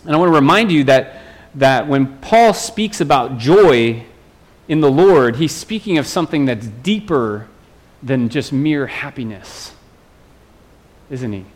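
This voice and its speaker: A man's voice: medium pitch, expressive, unhurried. A man, a pastor, preaching a sermon in an earnest way, often restarting and repeating phrases.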